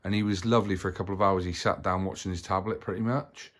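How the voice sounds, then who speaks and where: Deep-voiced man chatting casually. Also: steady tone, fast talker, a bit bright. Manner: rambling, matter-of-fact. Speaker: vlog host, parent. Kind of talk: casual chat to camera.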